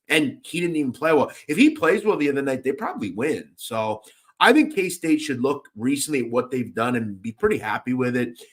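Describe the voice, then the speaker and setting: Chatty man giving betting picks. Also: mid-range voice. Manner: animated, chatty, shouts out chat viewers. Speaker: sports betting radio host. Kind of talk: casual sports picks talk.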